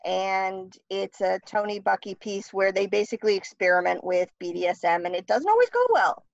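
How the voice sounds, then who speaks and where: A woman's voice: mid-range voice, expressive, normal speed, creaky, no echo. A woman guest author talking in a casual interview, blunt and wry. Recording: dry, dull lo-fi sound.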